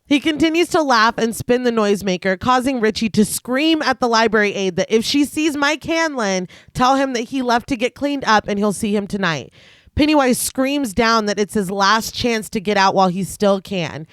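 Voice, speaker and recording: A woman's voice: on the high side, moderate pace, no room sound. A woman co-hosting a casual horror podcast, reading scene recaps and joking between them. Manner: reads plot summary then jokes and laughs.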